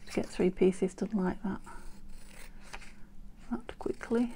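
Gravelly-voiced British woman crafting. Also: mid-range voice, steady tone, takes it slowly, a little hiss or hum. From United Kingdom. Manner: chatty, self-mocking, drops into soft murmurs while working. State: slightly out of breath from heat. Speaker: craft vlogger. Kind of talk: casual crafting chat. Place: home craft room with door shut.

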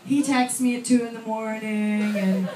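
A young woman performing a chatty, self-deprecating stand-up set on a comedy club stage, with lots of fillers and quick asides to the audience. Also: fairly high pitch, steady tone, heavy background noise. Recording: roomy club audio from far off, with loud crowd laughter.

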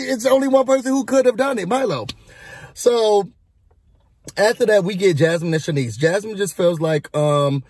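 A man with a high, slightly husky voice dishes on a reality show in a casual, gossipy recap. He is sassy and chatty and speaks straight to his viewers. The sound is dry and close, with no room echo. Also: darkish tone.

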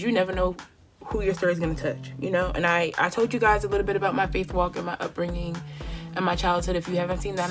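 A woman in her twenties doing her makeup at home while she talks candidly to her viewers, heartfelt and conversational, calling them y'all. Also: on the low side. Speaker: beauty vlogger. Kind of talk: chatty get-ready-with-me monologue.

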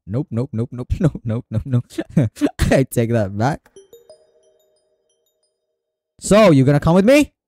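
A man's voice: on the low side, mellow, husky, dry recording, clean studio sound. A man giving let's play commentary on a horror game, talking to himself and repeating phrases when he gets nervous. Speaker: gamer playing a horror game.

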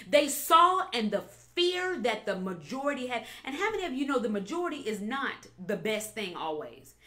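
Woman pastor preaching, kinda high voice, lively, punches and repeats lines. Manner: animated preaching, rises to emphatic peaks, repeats phrases. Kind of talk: sermon.

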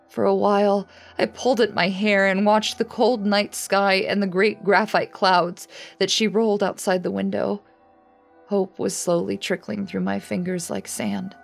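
A woman giving a scripted horror story narration in a dramatic, measured storytelling manner. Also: mid-range voice. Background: faint music.

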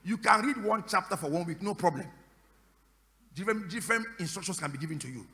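A man preaching a sermon as pastor, questioning the congregation again and again in call and response and breaking into shouted prayer. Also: high voice, expressive, quick pace. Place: church service. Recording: echoey church hall.

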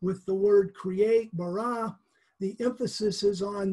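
Husky, mellow-voiced Bible teacher. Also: medium pitch, steady tone, a little slow. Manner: chatty, explanatory, with chuckles and restarts. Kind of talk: conversational Bible lesson.

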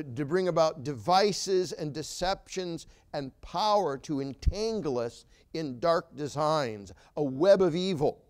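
Male pastor, sermon delivery, emphatic, somewhat higher voice, pauses with fillers. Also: darkish tone. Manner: emphatic preaching with rhetorical questions and frequent "uh" fillers. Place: church sanctuary.

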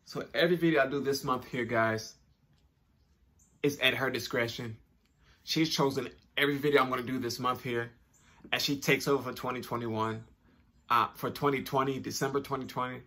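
Hosting his own YouTube channel, a young man chats directly to camera in a cheerful, casual vlog style full of slang and repeated phrases. He speaks at normal speed with a medium pitch, steady, bright and forceful.

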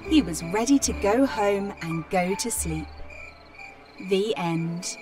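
A woman reads a children's storybook at a slow, steady pace. She sounds set back from the mic, and clear music plays behind her. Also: medium pitch, distant mic. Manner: slow, clear, plain reading with animal sounds. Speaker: storybook reader.

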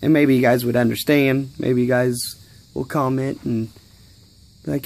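A man's voice: mid-range voice, little pitch movement, normal speed, vocal fry, a little mellow. A young man rambling and swearing casually in a vlog, talking outdoors in his yard. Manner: rambling, profane, easily irritated. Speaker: vlogger.

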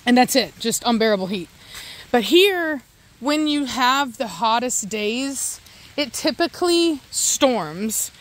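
A woman's voice: on the high side, very animated, takes it slowly. A woman vlogging casually outdoors in her yard, rambling and chatty as she does chores with her dogs. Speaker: dog owner vlogger. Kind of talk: casual narration while doing farm chores. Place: outdoors in a yard with a garden and livestock.

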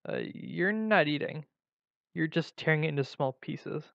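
A man's voice: on the high side, expressive, normal speed, creaky, a bit bright, dry recording. A man voicing a worried, caring teenage girl who pleads with her friend. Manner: concerned, pleading. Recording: dull lo-fi recording.

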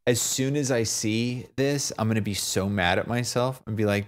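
A man talking through a software tutorial, thinking aloud, fumbling and poking fun at himself. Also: on the low side, moderate pace. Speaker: tutorial maker. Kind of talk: unscripted screen-recorded tutorial.

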